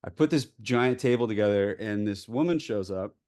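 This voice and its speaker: A man tells a candid story as a filmmaker guest at a Q&A. He swears freely and keeps the telling lively and animated. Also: on the low side, normal speed. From US Pacific Northwest. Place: post-screening Q&A.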